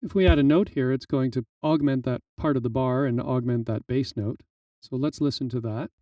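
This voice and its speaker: A man teaching drum programming in a relaxed, explanatory way, with frequent fillers, in a screen-recorded software tutorial. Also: medium pitch, normal speed, dry recording, recorded from a distance, lo-fi sound. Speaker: music tutorial instructor.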